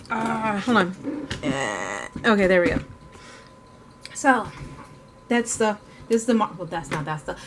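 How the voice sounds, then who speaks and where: Over a noisy background, a woman with a fairly high voice chats casually through her art vlog. She rambles, uses lots of fillers, corrects herself often, and sometimes talks while eating.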